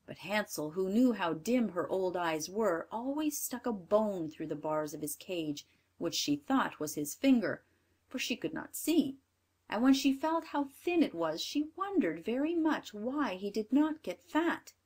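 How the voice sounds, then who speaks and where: Expressive woman reading a fairy tale. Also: mid-range voice, unhurried, breathy edge. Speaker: narrator. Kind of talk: storybook read-aloud narration.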